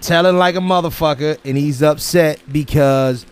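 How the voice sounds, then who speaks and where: A man's voice: fairly high pitch, normal speed, clean tone. Profane joking man on a podcast. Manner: profane, joking, does mock automated voices. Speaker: podcast co-host. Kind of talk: casual chat.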